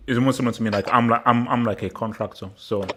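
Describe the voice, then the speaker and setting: Man, host, video call, casual chat, repeats himself, average pitch. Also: fairly even intonation, rapid-fire, fairly bright tone, a little hiss or hum. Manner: repeats words, stammering restarts.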